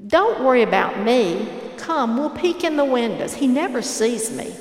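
A woman's voice: on the high side, sing-song, moderate pace. A woman voicing a smug, self-righteous brother who keeps accusing others. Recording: echoey hall reverb.

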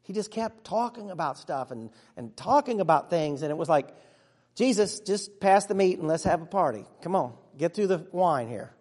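A man playing an earnest, excitable disciple who tells his own story in a church monologue, chatty with sudden hushes and bursts. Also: sits high, normal speed. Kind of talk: first-person dramatic monologue. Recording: long reverb of a large hall.

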